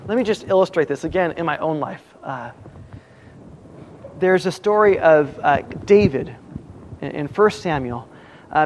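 Male pastor, high voice, conversational sermon delivery, faint noise behind. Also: a little mellow, low-quality recording. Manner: conversational preaching, acts out quoted voices.

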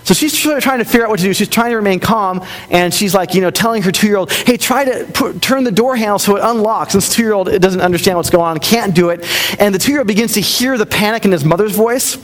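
A man preaching a sermon, telling a story and often dropping to a soft, gentle voice for quiet lines. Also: high voice, fast. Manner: storytelling, drops softer for tender quoted lines. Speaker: pastor.

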